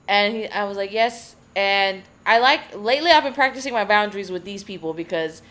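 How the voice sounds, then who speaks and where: A woman's voice: medium pitch, a little fast. Chatty swearing woman telling a story. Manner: swears a lot, animated retelling with quoted voices. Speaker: podcast co-host. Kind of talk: casual chat, storytelling.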